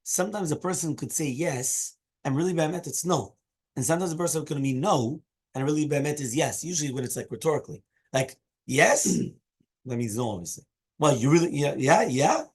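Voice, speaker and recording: Husky-voiced man teaching Talmud. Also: fairly high pitch, fairly quick, a little mellow. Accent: Hebrew and Aramaic terms mixed into English. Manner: explains each Aramaic phrase in English, with frequent "right?" and "okay?". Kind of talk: daily Talmud class.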